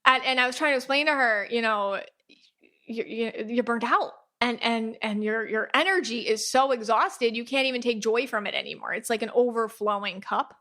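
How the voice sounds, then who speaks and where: A woman hosts a podcast in a casual, chatty way, animated and quick to act out little quoted voices. Her voice is bright and sits a little high. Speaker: podcast host, aura reader.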